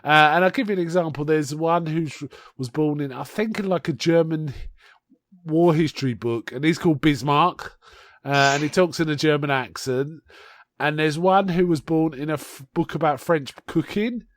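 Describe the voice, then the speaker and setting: A man with a slightly raised pitch, hosting a podcast in a relaxed, rambling way. He trails off, restarts and chuckles as he explains. His voice is close and dry, with almost no room sound. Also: moderate pace, no room sound. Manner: rambling, chatty, laughs while explaining. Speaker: podcast co-host. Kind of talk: casual chat.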